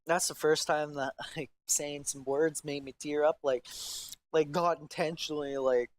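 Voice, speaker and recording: A man's voice: a little high, steady tone, normal speed, a little hiss or hum. A young man hosting a casual podcast, rambling in slang and breaking into a loose freestyle rap. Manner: rambling, slangy, repeats himself. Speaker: podcast host.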